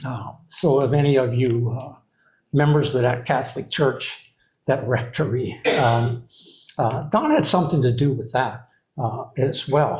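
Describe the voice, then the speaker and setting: Speaking at a measured pace in a mid-range, slightly mellow voice, a retired writing program director, now an older man, offers memorial remarks to a hall audience. The room echoes, and his talk wanders, hesitant and packed with fillers and false starts.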